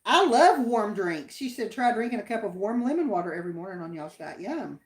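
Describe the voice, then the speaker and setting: A woman's voice: mid-range voice, sing-song, fairly quick. A woman with an Appalachian accent co-hosting a livestream, chatting in a homey, folksy way and reading viewer comments. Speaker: livestream co-host. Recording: roomy echo.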